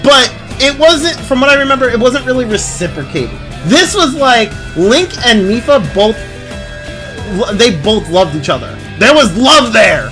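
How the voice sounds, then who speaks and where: A man streaming a game, chatting casually in a lively, indignant way, swearing and laughing often. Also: extremely high pitch, normal speed, faint music behind. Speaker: livestreamer.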